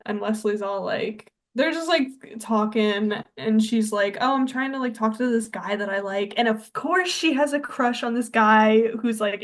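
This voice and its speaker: A young adult woman co-hosting a podcast, retelling a film in a chatty way, full of "like" and acted-out quotes. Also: a little high. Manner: chatty storyteller, many "like"s, acts out quotes. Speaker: podcast co-host. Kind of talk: casual chat.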